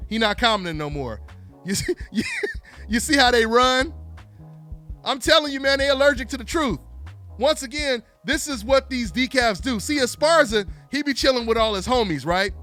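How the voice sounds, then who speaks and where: A man hosting a solo live call-in boxing talk show, animated and taunting, calling out listeners over and over. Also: extremely high pitch, normal speed, faint music behind. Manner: animated, taunting, repeats himself.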